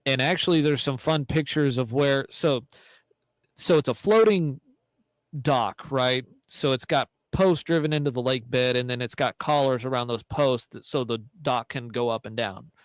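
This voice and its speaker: A man's voice: mid-range voice, normal speed, no room sound, poor audio. A married man co-hosting a hunting podcast, telling a rambling story with restarts. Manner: rambling, self-correcting. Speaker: podcast co-host.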